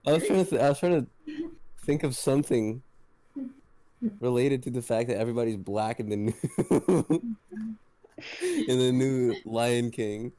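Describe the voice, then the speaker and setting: Crude, profane man with a dark voice. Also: medium pitch, measured pace, long pauses. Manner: crude, profane, provocative joking. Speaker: voice chat participant. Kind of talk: casual gaming chat.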